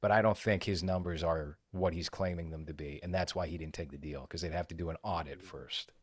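Deep-voiced wry man, dry sound. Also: fairly even intonation, no room sound. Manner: wry, measured, swears casually. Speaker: podcast host. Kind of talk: casual podcast chat.

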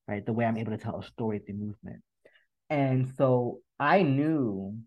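Earnest reflective man, slightly dull audio. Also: mid-range voice. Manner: earnest, reflective, repeats words as he thinks. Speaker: podcast guest. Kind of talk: emotional interview conversation.

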